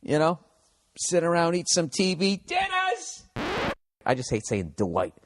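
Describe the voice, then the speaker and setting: A man's voice: a little high, huge pitch swings, a little slow. A man, hosting a comedy podcast with a profane, sarcastic rant that slips into mocking voices. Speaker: podcast host.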